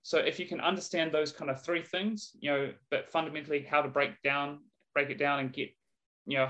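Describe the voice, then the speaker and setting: A man, a strength coach chatting on a podcast in a relaxed, rambling way. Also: mid-range voice, highs cut off. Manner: relaxed, chatty, lots of fillers and "mate". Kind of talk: casual podcast conversation.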